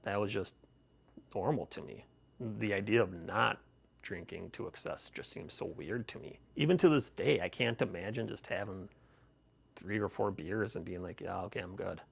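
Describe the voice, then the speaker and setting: A man's voice: deep voice, normal speed, gravelly, slightly rough. A middle-aged man on a podcast, telling rambling personal stories with many restarts and laughs. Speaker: podcast host, guest. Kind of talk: casual interview storytelling.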